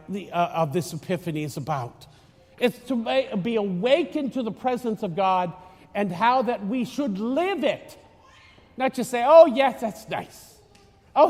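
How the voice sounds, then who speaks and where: A man giving a chatty, teasing homily as a priest, rambling with many restarts, recorded in a church. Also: high voice. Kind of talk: conversational homily. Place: church in Florida. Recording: long church reverb.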